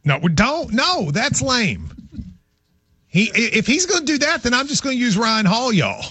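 A man hosting a sports radio show, chatting casually in rambling, animated bursts with restarts. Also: very high-pitched, normal speed, slightly rough, no room sound. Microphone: studio microphone.

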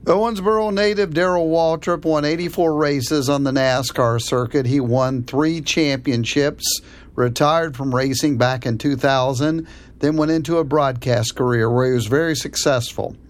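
A man from Kentucky hosting a sports history radio show, reading a measured, plain-spoken introduction. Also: a little high, fairly even intonation. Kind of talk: scripted radio narration.

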